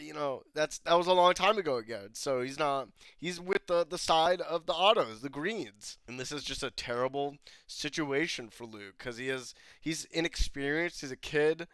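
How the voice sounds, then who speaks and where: A man's voice: on the high side, normal speed, few pauses, a bit bright, smooth, dry recording. A young man casually breaking down a TV episode, rambling, swearing freely and laughing often. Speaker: YouTube show reviewer.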